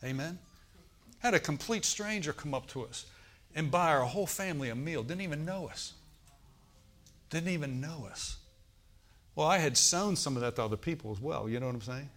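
A man's voice: a little high, expressive, moderate pace, long pauses, fairly bright tone. A middle-aged man preaching in a church, declaring prayers with fervor and then telling stories to his congregation. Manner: fervent, declaring prayers and storytelling. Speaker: pastor. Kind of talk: sermon with call-and-response prayer.

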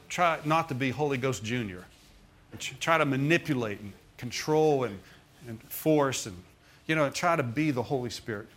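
With a medium-pitched, slightly bright voice, a middle-aged pastor preaches a sermon. He shares his personal testimony conversationally, often pausing for asides to check in with the congregation.

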